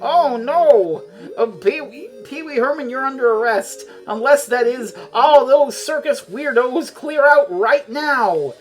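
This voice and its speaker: A pompous, officious small-town lawman, as a woman puts him on, raised and mock-official, his voice bouncing up and down. Soft music sits in the background. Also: high-pitched, lively intonation, slow, pitched above the performer's own voice.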